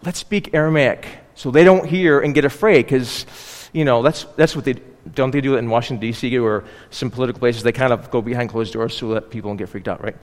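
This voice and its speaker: A man's voice: mid-range voice, steady tone, a little fast, few pauses, in a large hall. A man preaching a sermon on a scripture passage, in a conversational way with frequent asides and tag questions. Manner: conversational, with frequent asides and "you know, right?". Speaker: pastor. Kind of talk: expository sermon.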